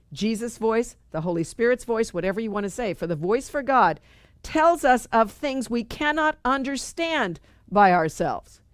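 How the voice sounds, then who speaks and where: A woman's voice: medium pitch, no echo, clean studio sound. A middle-aged woman leading a spiritual study group, talking earnestly and conversationally and repeating phrases for emphasis. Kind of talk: spiritual teaching talk.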